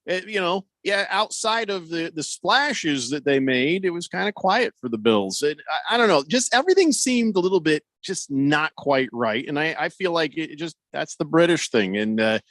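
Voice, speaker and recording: A male sports radio host talks in a loose, rambling way, full of fillers and jokes. His voice sits fairly high and swings up and down a lot. The studio sound is dry and close. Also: sing-song, moderate pace, hardly any pauses, fairly bright tone, dry recording. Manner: rambling, jokey, lots of fillers. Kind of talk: casual sports talk.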